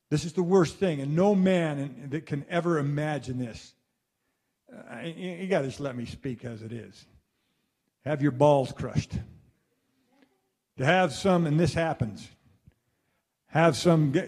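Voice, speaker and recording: A man delivering a rambling spoken monologue to listeners, animated and swearing freely, acting out exclamations as he goes. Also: fairly high pitch. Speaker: speaker addressing his listeners.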